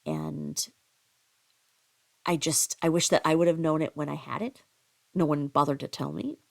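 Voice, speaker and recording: A woman's voice: sing-song, normal speed, gravelly. A middle-aged woman telling a story in a casual, rambling way, with many fillers and restarts. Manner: acts out quoted voices in a higher pitch.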